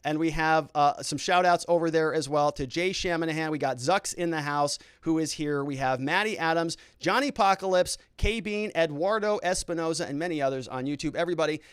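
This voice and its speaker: Chatty male livestream host, smooth voice. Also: on the high side, fairly quick, hardly any pauses, no echo, studio quality. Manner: rambling, talks to chat viewers, fillers and restarts. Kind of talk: casual livestream chat.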